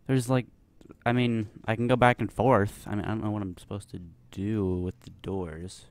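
A man's voice: lowish voice, flat delivery, normal speed, no room sound. A young man giving nervous, rambling commentary while playing a horror game, full of fillers. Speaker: gameplay commentator. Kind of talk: let's play commentary.

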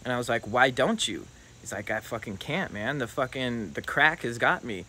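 Young man, casual storytime, profane, animated, mid-pitched voice. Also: a little fast, slight background noise. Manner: loose, profane, animated retelling.

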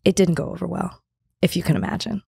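A woman in her thirties, a podcast guest, telling animated stories in casual chat and acting out what people said. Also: fairly low pitch, fast, creaky, slightly rough, no echo, clean studio sound. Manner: animated storytelling, acts out quoted voices.

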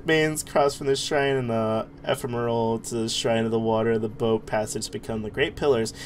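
With a steady, medium-pitched voice at a normal pace, this horror-game streamer talks casually to his viewers over slight background noise. Scares make him jump and yelp, and he laughs and curses along the way.

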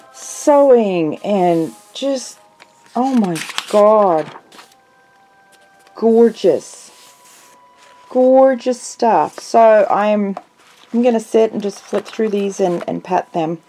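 A woman talks slowly and unhurriedly in a mellow, warm voice, gushing over every item she unpacks. She chats casually from her home art room. Faint music plays softly underneath. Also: medium pitch. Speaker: craft vlogger. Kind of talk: casual chat opening happy mail.

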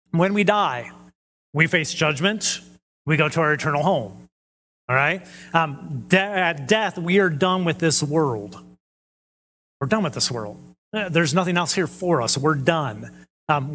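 A man's voice: high-pitched, fairly bright tone, a little hiss or hum. A man preaching a conversational sermon who often checks in with the audience and acts out quoted voices animatedly. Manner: conversational, asks the audience questions. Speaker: pastor. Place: church hall. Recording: long church hall reverb.

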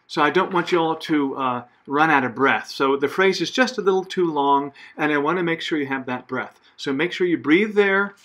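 A man's voice: fairly high pitch, normal speed, hardly any pauses, a bit bright, slight background noise. A man as a choir director, giving patient spoken rehearsal notes with frequent fillers and self-corrections. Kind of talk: conducting rehearsal instructions.

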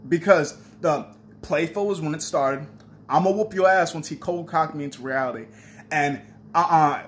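A man's voice: on the high side, slight background noise. A young man casually telling a story on a vlog, swearing freely and acting out his own trash talk. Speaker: vlogger.

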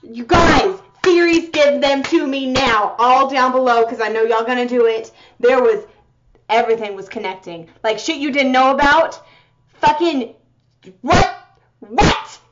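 A young woman reacting to a music video, excitable and profane, gasping and exclaiming as she comments. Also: high voice, unhurried. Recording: slightly muffled audio with music playing behind. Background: music video playing.

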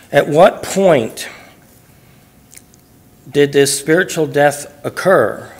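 A pastor of medium pitch teaches through a Bible passage in church, verse by verse. He reads each verse aloud, then explains it phrase by phrase in plain, conversational words.

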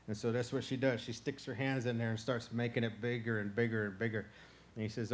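A man from Florida telling a traditional animal tale in a relaxed, conversational way. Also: mid-range voice, fast, a little hiss or hum. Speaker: storyteller. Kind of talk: folk tale storytelling. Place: outdoor festival stage.

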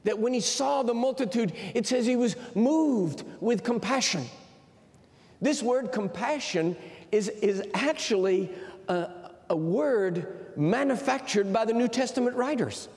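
A man's voice: extremely high pitch, animated, measured pace, a little mellow. Man preaching a sermon, tells stories with emphasis, big echoey auditorium sound. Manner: storytelling, emphatic. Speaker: university president preaching. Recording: long hall reverb.

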